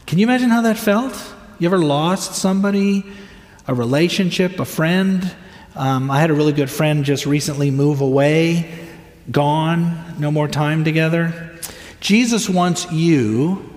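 Older guy preaching, real slow and earnest, long pauses, church echo all around. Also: mid-range voice, darkish tone. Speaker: pastor. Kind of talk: sermon. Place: church sanctuary. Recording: echoey hall, voice from a distance.

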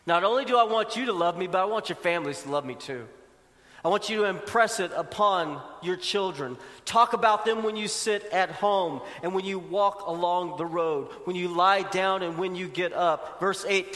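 A male pastor preaching a sermon with emphatic delivery, surging fast and then slowing down softly. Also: high-pitched. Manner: emphatic preacher, swings from fast bursts to slow soft lines. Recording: long reverb of a large hall.

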